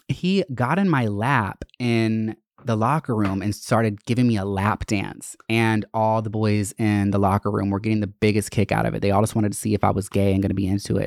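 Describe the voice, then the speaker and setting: A man's voice: on the low side, darkish tone, no room sound, studio quality. A young man telling personal stories in a casual, candid and profane way, rambling with lots of fillers. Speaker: vlogger. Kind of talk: casual storytelling to camera.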